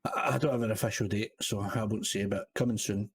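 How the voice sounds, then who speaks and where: A man's voice: fairly low pitch, steady tone, brisk, slightly rough. A man chatting casually as a podcast guest, rambling and swearing. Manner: sweary, rambling, lots of "you know what I mean". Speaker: guest, server owner.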